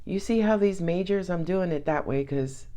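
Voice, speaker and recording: A woman's voice: on the low side, normal speed, mellow. A woman giving a casual tarot reading, chatty and sassy, with frequent laughs. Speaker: tarot reader.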